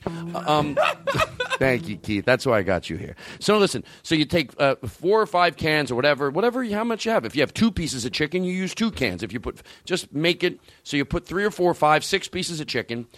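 Rambling, profane comedy host, lively voice. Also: male voice, on the high side, a little fast, dry recording. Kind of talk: comedy talk show banter.

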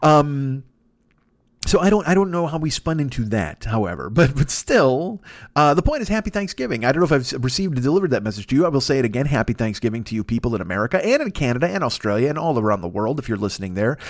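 A man hosting a podcast, telling stories in a rambling, profane, excitable comedic monologue. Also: medium pitch, fast talker, no room sound, studio quality. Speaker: podcast host.

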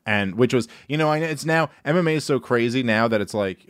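Male podcast host, emphatic and profane in casual chat, laughs easily; medium pitch, dry mic. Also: animated, fairly quick, clear, resonant tone, no echo.

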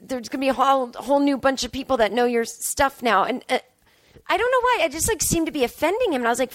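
Woman comedian rambling on her podcast, kinda high voice, making fun of herself, dry close mic. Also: fast, no echo. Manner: rambling, self-deprecating, animated quoting of herself. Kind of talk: casual storytelling monologue.

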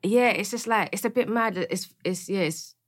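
Woman, guest artist, casual chat, animated storytelling, middle pitch. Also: moderate pace. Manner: animated storytelling, rambling restarts.

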